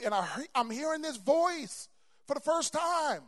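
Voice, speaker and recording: A man with a notably high voice preaches to a congregation. He stumbles over repeated words, then surges into loud, emphatic lines. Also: lively intonation, normal speed. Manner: stammering repeats, building to loud emphatic peaks. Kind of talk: sermon. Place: church before a congregation.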